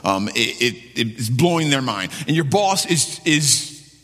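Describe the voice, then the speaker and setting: A man's voice: medium pitch, big pitch swings, slow pace, fairly bright tone, long reverb tail. A male pastor preaching a sermon emphatically, repeating key phrases for weight.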